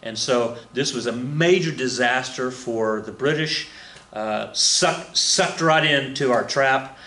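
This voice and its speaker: Speaking slowly in a medium-pitched voice with a sharp tone, a man gives a casual recorded history lecture. His delivery wanders, with many fillers, restarts and chuckles, and the echoey room has a flag on the wall.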